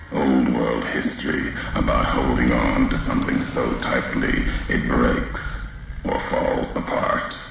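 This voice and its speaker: Casting: very deep, slow, gravelly game wanderer, cryptic and grim, echoey with noise behind. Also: male voice, full character voice. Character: brooding grizzled male wanderer, cryptic and grim. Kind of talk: video game voice acting. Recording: echoey game audio with loud background.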